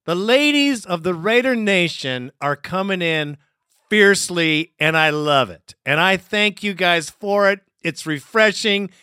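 Man, podcast host, laid-back and profane, smooth bright voice, dry sound. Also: high-pitched, animated, a little slow, no echo. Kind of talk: casual fan podcast talk.

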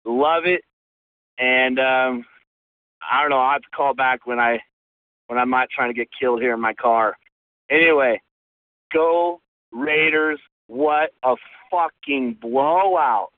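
A man's voice: mid-range voice, slow pace, long pauses, no room sound. A male caller leaving a rambling, profane, overexcited voicemail from his car. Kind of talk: excited fan voicemail. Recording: tinny phone line.

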